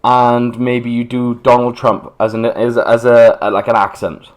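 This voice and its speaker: This podcast co-host from Britain talks in a monotone, mid-range voice. The chat is casual and rambling, peppered with quick asides.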